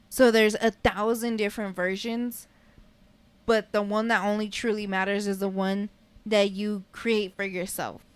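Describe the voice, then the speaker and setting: A young woman co-hosting a casual podcast, telling stories in a chatty, animated way with plenty of swearing. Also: medium pitch, clear, resonant tone. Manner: chatty, profane, animated storytelling. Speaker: podcast co-host.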